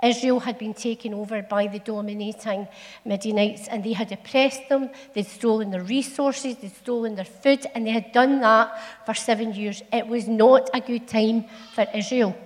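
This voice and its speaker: A woman's voice: on the high side, fairly even intonation, normal speed. A middle-aged woman with a Scottish accent, telling a Bible story to a church in a homely, playful, chatty way. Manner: homely, chatty and playful, with local turns of phrase. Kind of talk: storytelling sermon. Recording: long echo of a large hall.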